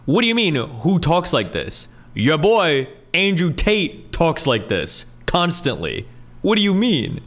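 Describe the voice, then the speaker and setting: A man's voice: fairly high pitch, wildly swooping pitch, takes it slowly, fairly bright tone. A man reacting live on stream, blunt and profane in casual commentary.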